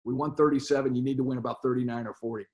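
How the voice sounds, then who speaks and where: A man's voice: medium pitch, steady tone, racing, darkish tone, lo-fi sound. An older man sits as a guest in an interview and tells long stories from his coaching life. He stumbles through them, doubling words and starting sentences over as he goes. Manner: stammering, repeats words and restarts often. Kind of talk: storytelling interview.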